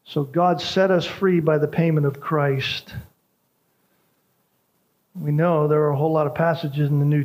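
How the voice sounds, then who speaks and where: Man preaching in a slightly high voice. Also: darkish tone, rough recording. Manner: emphatic teaching, repeats key phrases with tag questions. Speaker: pastor. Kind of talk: sermon.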